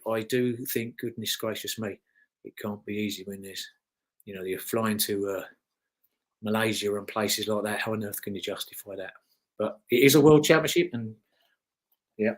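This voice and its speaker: A British man in his fifties talks through a casual interview as the guest. His voice sits at an ordinary middle pitch. He tells loose, rambling anecdotes, circling back on his points as he goes. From Britain. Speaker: guest, former motocross racer.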